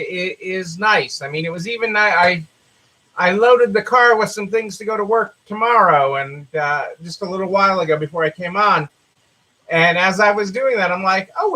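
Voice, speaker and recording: A man's voice: high voice, sharp tone, low-quality recording. A man with a Southern American accent hosting a live stream, talking casually, repeating phrases, with many fillers. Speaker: host.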